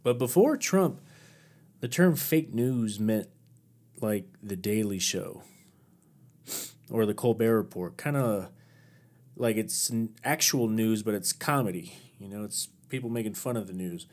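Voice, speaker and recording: A man's voice: lowish voice, animated, unhurried, pauses often, darkish tone. A man hosting his own podcast alone, chatting casually in a rambling, self-deprecating way. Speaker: podcast host. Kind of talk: casual solo podcast chat.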